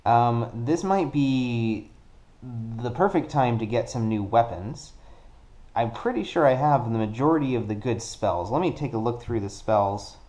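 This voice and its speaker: A man casually narrating a solo card game play-through, working things out deliberately and counting dice aloud. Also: medium pitch, lively intonation, warm tone. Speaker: board game player.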